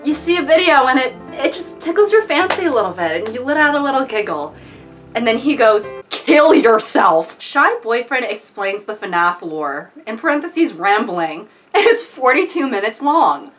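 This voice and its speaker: A woman hosting comedic commentary, animated and mock-outraged. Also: on the high side, moderate pace, faint music behind. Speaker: video host.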